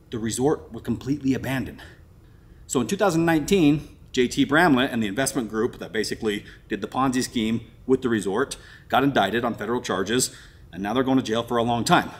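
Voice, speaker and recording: A man hosts an exploring vlog with a husky, slightly breathy voice at an ordinary pitch. He tells his story casually and gets excited, dropping "dude" and "crazy" often. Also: fairly quick. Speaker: vlogger host. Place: abandoned resort building, indoors.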